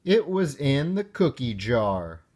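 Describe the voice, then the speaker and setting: A man's voice: mid-range voice, sing-song, takes it slowly, darkish tone. A man reading aloud and voicing a young boy frog who is eager and forgetful, his lines bouncy and exclaimed.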